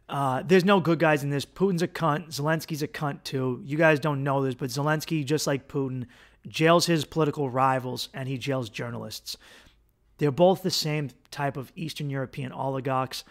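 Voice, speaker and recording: A man hosting a podcast, telling a rambling, profane comedic monologue and acting out characters in louder, higher bursts. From United States. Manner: profane, rambling, acts out gang voices in a louder higher pitch. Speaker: podcast host.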